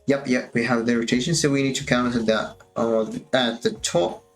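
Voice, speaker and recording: A man's voice: mid-range voice, steady tone, normal speed, faint music behind. A man casually thinking aloud as he walks through his animation work on a stream, musing and drifting a little, with a touch of self-amusement.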